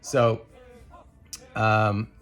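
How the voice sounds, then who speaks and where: A man co-hosting a podcast, sharing a personal reflection in an earnest, thoughtful way, pausing often with ums and restarts. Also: on the low side, little pitch movement. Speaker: podcast co-host.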